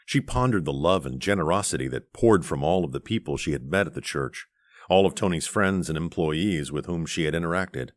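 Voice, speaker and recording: A man reading an audiobook aloud in a measured, gentle narration on a close studio mic. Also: low-pitched, no room sound.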